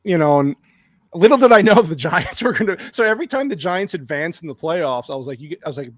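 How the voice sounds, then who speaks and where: A man guesting on a podcast, telling an excited, rambling anecdote with lots of restarts. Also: a little high, quick pace, no room sound. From lives in Arizona. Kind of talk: casual storytelling on a podcast.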